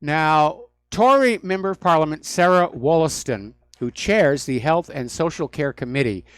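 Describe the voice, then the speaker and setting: A man's voice: a little high, animated, normal speed, smooth, no room sound. A man hosting a talk radio show, delivering solo commentary in a sardonic, mocking manner. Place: radio studio.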